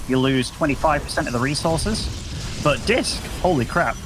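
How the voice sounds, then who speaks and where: A man's voice: on the high side, expressive, moderate pace, music in the background. An English man commentating an esports match, chatty and casual with lots of fillers. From England. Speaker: esports caster. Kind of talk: play-by-play commentary.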